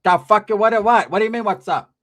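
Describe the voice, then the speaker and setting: A man's voice: high-pitched, fairly quick, a bit bright, pitched above the performer's own voice. A man voicing a fierce, foul-mouthed middle-aged aunt who bosses everyone around. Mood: scolding. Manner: brash, bossy, profane.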